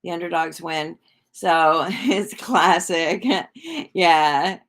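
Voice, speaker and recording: A woman hosting a relaxed livestream from home, talking to her viewers in a loose, rambling way. Her voice is on the low side, and she speaks slowly with plenty of fillers. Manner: rambling and chatty, full of fillers; talks to viewers in the chat. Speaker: livestream host and tarot reader. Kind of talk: casual live-stream chat.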